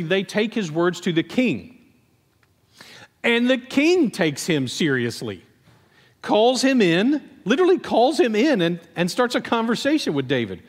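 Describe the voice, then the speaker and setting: A man preaching a sermon as pastor, talking conversationally and acting out lively asides. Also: fairly high pitch. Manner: conversational, animated storytelling with acted asides. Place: church sanctuary. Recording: long church reverb.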